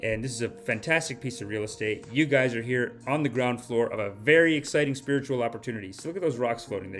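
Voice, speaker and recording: Male podcast host, mid pitch, animated comic rambler, mock-guru flourishes, faint music under the voice. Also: fast talker, hardly any pauses. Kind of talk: comedic podcast monologue.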